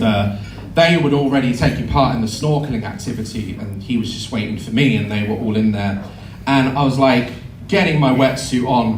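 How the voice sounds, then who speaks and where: A man telling a comic story to a live audience, animated and sweary, acting out voices and screams. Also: medium pitch, background noise. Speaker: live show performer. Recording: echoey venue, heard from afar. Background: audience laughter.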